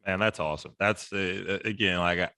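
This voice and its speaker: A man's voice: sits low, fairly even intonation, normal speed, pushed and bright, clean tone, no room sound. A man hosting a podcast, wrapping up the interview in an upbeat, chummy way and often saying "man". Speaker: podcast host. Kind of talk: casual podcast sign-off.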